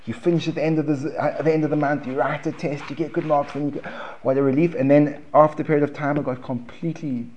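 A man with a South African accent teaching a Talmud class in a relaxed, conversational way, restarting phrases and checking in with his students. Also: medium pitch, lo-fi sound. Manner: conversational, repeats words and restarts, asks the room questions. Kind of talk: informal classroom lecture. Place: basement classroom.

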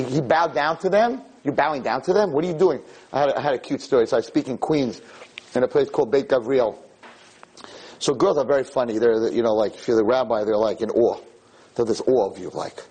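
A man, a rabbi, giving a Torah lecture full of stories, acting out dialogue and building to near-shouted emphasis. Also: mid-range voice, breathy edge.

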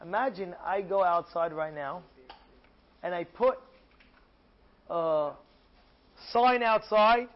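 A man teaching as a rabbi, telling a story with lively emphasis and frequent repetition. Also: sits high, slow pace, pauses often, dull audio. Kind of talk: storytelling Torah lesson.

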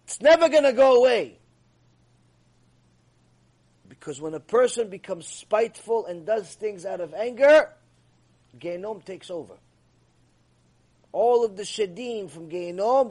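A man giving an animated, emphatic ethics lecture as a Torah teacher. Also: high-pitched, normal speed.

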